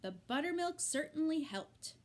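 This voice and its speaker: A woman reading aloud and voicing a brisk, practical farm wife. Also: high voice, lively intonation, voice pushed up.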